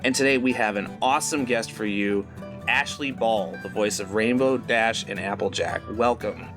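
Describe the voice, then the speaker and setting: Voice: mid-range voice, normal speed, music in the background. A radio show host who opens the show and asks eager, chatty questions, laughing along with the guest. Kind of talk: podcast interview hosting.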